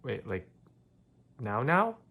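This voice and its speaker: A man's voice: medium pitch, sing-song, slow pace, gravelly, pushed and bright, breathy edge, full character voice. A man playing a laid-back young guy who teases his friend over a call in a short comedy film. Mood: casual. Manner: casual, teasing.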